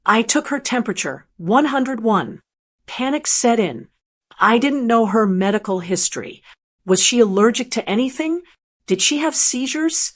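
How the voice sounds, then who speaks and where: A woman's voice: on the high side, lively intonation, moderate pace. Older woman narrating a family drama. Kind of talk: scripted first-person storytelling.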